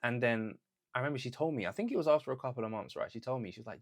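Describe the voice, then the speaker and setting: A man's voice: medium pitch, expressive, racing. Earnest young man giving a pep talk. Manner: earnest, conversational, acts out quotes of others. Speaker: vlogger. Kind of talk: motivational talk to camera.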